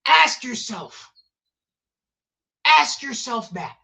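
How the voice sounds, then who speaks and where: A man's voice: high voice, expressive, moderate pace, bright, forceful tone. A man hosting a live football watch-along stream, rambling and swearing, repeating himself and blurting out reactions to the play.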